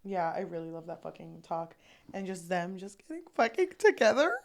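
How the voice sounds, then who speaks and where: A woman co-hosting a book podcast in relaxed chat. She gushes and swears, padding her lines with fillers as she recounts scenes. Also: fairly low pitch, a little fast, vocal fry. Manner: gushing, profane, filler-heavy. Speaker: podcast co-host. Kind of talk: casual book-club chat.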